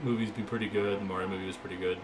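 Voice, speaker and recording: A young man streaming a racing game, calling the race in an excited play-by-play style and chatting loosely between races. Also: deep voice, very fast, a crowd in the background. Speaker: gaming streamer. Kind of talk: live racing game commentary.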